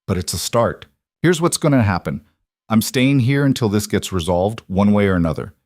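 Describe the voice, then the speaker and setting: Man voicing a frontier marshal, stern, firm, low voice, dry sound. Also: lively intonation, darkish tone, no echo, natural voice. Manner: firm, measured, matter-of-fact. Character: stern male frontier marshal, steady and determined.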